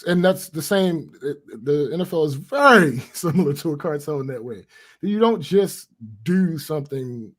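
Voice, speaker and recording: Podcast dude, slightly high voice, talks it through slow, lots of restarts. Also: male voice, animated, a bit bright. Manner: thinks aloud, restarts and reasons step by step. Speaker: podcast co-host. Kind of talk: casual chat.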